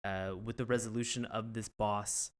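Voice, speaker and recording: A man co-hosting a podcast who retells cartoon episodes in animated, casual storytelling and laughs often. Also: on the low side, normal speed. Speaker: podcast co-host. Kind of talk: casual review chat.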